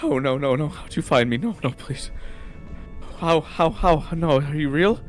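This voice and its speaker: A man's voice: mid-range voice, normal speed, faint music behind, natural voice. A man voicing a panicked young man who stammers and sounds short of breath as his vampire master finds him. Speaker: player.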